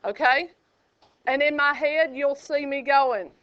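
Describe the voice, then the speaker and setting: A woman teaching a high school math class, chatty and joking, quizzing her students as she goes. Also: steady tone, slow, no echo, muffled recording. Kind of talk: classroom lecture.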